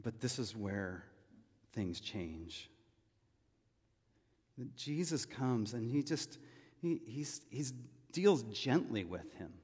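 A man's voice: mid-range voice, a little mellow, slightly rough. A man from California preaching a sermon as pastor, telling it conversationally with asides and questions to the congregation. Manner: conversational storytelling with frequent asides and rhetorical questions. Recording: long reverb of a large hall.

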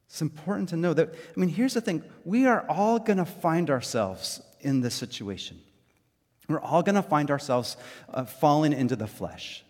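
A man preaching a sermon as pastor, talking in a loose, conversational way with lots of fillers and lively storytelling. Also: a little high, breathy edge, long reverb tail.

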